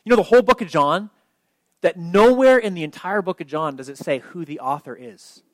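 A man preaches in a relaxed, conversational way, often restarting a phrase and pushing hard on key points. He asks his listeners direct questions as he goes. His voice sits a little high for a man and is recorded dry and close, with no room sound. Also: brisk, no echo. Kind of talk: informal sermon.

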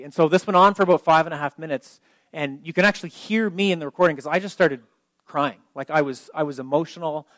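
A man preaches with a slightly higher voice, recounting a personal story in an earnest, conversational way. He often restarts his sentences. The sound is dry and close. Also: fairly bright tone, no echo. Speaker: pastor. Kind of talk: personal story told in a sermon.

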